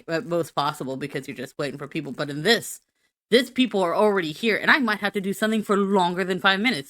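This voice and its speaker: A woman's voice: fairly low pitch, fairly bright tone, no echo. A woman streamer doing a silly, rambling, self-mocking be-right-back rant.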